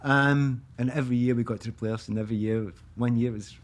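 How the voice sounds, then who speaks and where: A man in his fifties with a Glaswegian Scottish accent, a guest telling lively anecdotes in casual chat and laughing often. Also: mid-range voice, a little fast. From Scotland, east end of Glasgow. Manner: animated anecdotes, acts out quoted voices, laughs often. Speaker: guest, former footballer.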